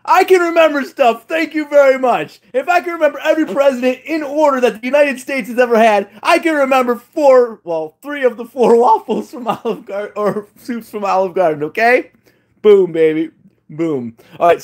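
Excitable high-voiced man vlogging a taste test. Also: fairly quick. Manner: excitable, playful, exclamatory. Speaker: food vlogger. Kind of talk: casual taste-test commentary.

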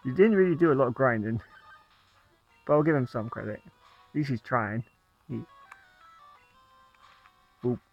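A man's voice: medium pitch, animated, unhurried, gravelly, pauses often, slightly rough, soft background music. Playful man commentating a game, lo-fi. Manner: playful, chatty, laughs at own jokes. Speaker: let's play gamer. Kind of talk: casual gameplay commentary. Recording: dull lo-fi sound.

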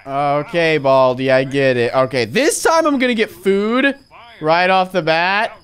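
A young man giving excitable game commentary, swinging from hushed muttering to frantic yelling. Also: fairly high pitch, a little slow. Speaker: gaming YouTuber.

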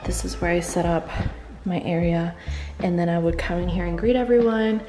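A woman's voice: on the low side, moderate pace, mellow, soft background music. A young woman vlogging as a real estate agent, talking casually to the camera with lots of "um" and "like" while she sets up in an empty new house. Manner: chatty, many fillers like "um" and "like". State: a little out of breath. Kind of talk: casual vlog talk to camera. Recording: roomy echo in an empty house.

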